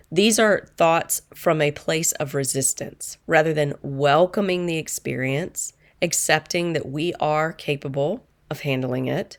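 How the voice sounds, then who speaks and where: A middle-aged woman with a notably low voice tells a personal story in a calm, earnest way. She sounds reflective, like a coach sharing something she learned. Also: measured pace, hardly any pauses. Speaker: manifestation coach.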